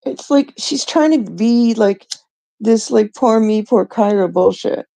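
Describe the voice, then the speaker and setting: A woman's voice: fairly high pitch, measured pace, creaky, warm tone. A woman host ranting indignantly in a rambling, profane monologue about online drama. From Canada. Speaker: livestream host.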